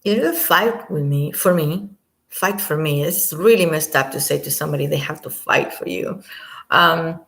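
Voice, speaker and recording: A woman giving casual commentary on an audio clip, rambling and sometimes dropping to a quiet near-whisper. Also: low voice, moderate pace, vocal fry.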